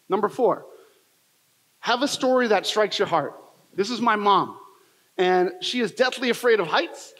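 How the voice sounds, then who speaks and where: Emphatic high-voiced man in a reverberant hall. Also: fairly bright tone. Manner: emphatic, repetitive, storytelling delivery. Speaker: motivational speaker. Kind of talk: motivational keynote talk. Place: large event hall. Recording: long reverb of a large hall.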